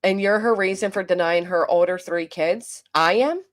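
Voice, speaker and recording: Speaking at a moderate pace in a voice on the low side, this commentary channel host rambles through an exasperated rant on her livestream. She keeps starting over and reads the chat out loud.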